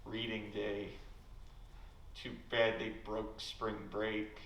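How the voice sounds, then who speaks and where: A young man doing a deadpan, low-key stand-up set at an open mic in a campus lecture hall. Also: slow pace. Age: young adult. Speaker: stand-up comedian. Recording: echoey hall, distant mic, faint hiss.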